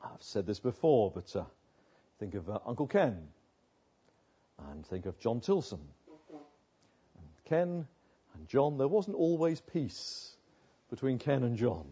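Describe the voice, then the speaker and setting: Older guy pastor preaching, husky warm voice, kinda dull lo-fi recording, lots of "isn't it?". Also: medium pitch, sing-song, slow pace, long pauses. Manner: earnest preaching with rhetorical tag questions. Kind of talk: sermon.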